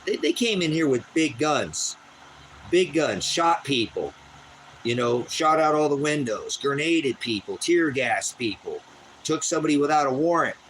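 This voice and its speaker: A man talking heatedly and profanely about his legal troubles, repeating himself and climbing into a strained high pitch when upset, out on his rural property. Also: expressive, a little slow, fairly bright tone, slight background noise, low-quality recording. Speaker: host of a personal channel. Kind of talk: unscripted personal rant.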